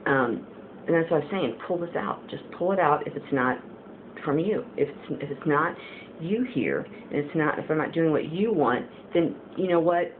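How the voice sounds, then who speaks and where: A woman's voice: low voice, animated, normal speed. A woman giving a casual spiritual testimony, rambling and earnest with many fillers, as a Christian video blogger. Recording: tinny phone-like audio with faint hiss.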